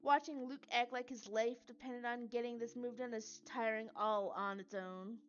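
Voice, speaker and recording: A woman's voice: fairly high pitch, steady tone, normal speed, clean tone, muffled recording, faint music behind. A woman streamer reading a story game aloud, with chatty, giggly asides between narration.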